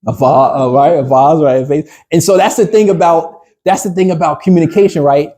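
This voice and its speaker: Husky-voiced man leading a workshop. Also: on the high side, brisk, dark tone. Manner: conversational, rambling with fillers and restarts; asks the group questions. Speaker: business coach. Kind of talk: workshop talk to a small group.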